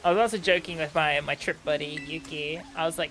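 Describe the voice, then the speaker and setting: A man's voice: on the high side, steady tone, fast talker, hardly any pauses, over music. A man chatting casually on a gaming stream, rambling with many fillers and restarts.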